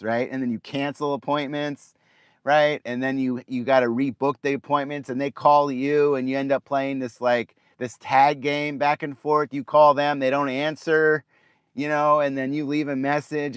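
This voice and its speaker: Middle-aged male vlogger, smooth tone, dry close mic, loose rambling rant full of restarts. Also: mid-range voice, dry recording. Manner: rambling, repeats words, says "right?" often. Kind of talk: casual ranting monologue.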